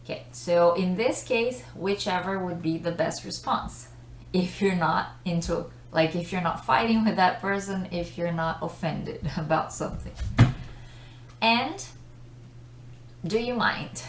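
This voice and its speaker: A woman's voice: lowish voice, a little slow, a little hiss or hum. A woman teaching an English lesson in a chatty way, laughing often between explanations. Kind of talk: casual video lesson. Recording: echoey room.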